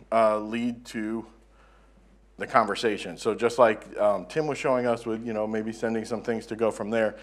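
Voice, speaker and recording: A man from the southern United States giving a relaxed, self-deprecating conference presentation in a conference room. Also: medium pitch. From Southern United States (Florida). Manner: conversational, self-deprecating, joking. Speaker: conference speaker.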